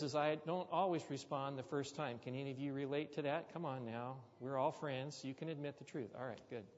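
The sound is dull and carries a long reverb from the hall as a man preaches a sermon in a medium-pitched, darkish voice. He works through a story while tossing joking, conversational remarks to his congregation.

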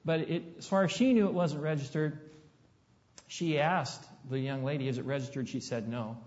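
A man's voice: a little high, normal speed, a little mellow. A middle-aged man, a pastor, telling a story in a folksy, conversational way and asking the congregation questions. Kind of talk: storytelling sermon. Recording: dull, long hall reverb.

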